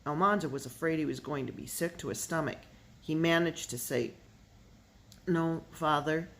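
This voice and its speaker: An audiobook reader narrating a children's novel in a middle-pitched voice. The narration stays steady and even, and the voice lifts for the characters' lines. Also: a little fast. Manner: steady narration, lifting the voice for dialogue. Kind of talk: reading a children's novel aloud.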